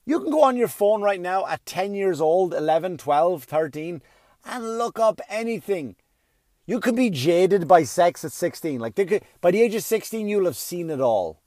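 Stand-up comic, middle-aged man, profane and ranty, slightly high voice, dry close sound. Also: animated, normal speed, mellow, no echo. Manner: profane, ranting, acts out voices. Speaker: stand-up comedian. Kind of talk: stand-up comedy set.

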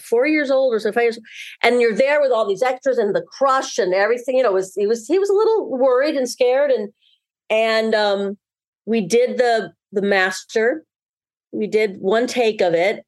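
A woman's voice: a little high, a little mellow. A woman telling an interview story about a film set, acting out the people she quotes. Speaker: actor recalling a film shoot. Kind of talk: interview recollection.

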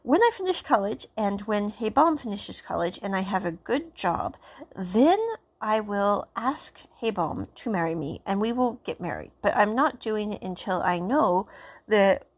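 A woman's voice: mid-range voice, animated, measured pace. A woman voicing an earnest young man laying out his plans, quoted during a casual drama recap.

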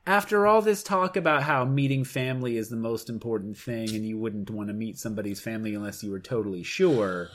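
A man's voice: lowish voice, a little fast, few pauses, a bit bright, a little hiss or hum. A young man co-hosting a podcast in casual chat, tossing out puns and dry jokes. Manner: wisecracking, pun-loving, dry jokes. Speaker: podcast co-host. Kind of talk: casual chat recapping a reality TV episode.

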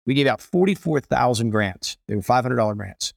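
A middle-aged man, a chef and restaurateur, telling stories as an interview guest in a lively, animated way. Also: medium pitch, a little fast, creaky, no echo, studio quality. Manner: animated, acts out voices in stories. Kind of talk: storytelling interview.

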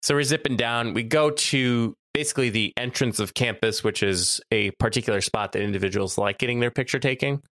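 A man chatting casually on a podcast, telling a story with lively acted-out quotes. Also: mid-range voice, fairly quick, hardly any pauses, no echo, studio quality. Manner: animated, acts out quoted voices. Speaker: podcast co-host, campus photographer.

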